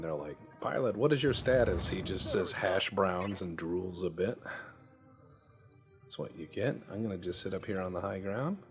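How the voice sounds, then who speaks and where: A man casually commentating on his gameplay, rambling and joking, often repeating words as he thinks aloud. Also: deep voice. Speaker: game commentator. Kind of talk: casual let's play commentary.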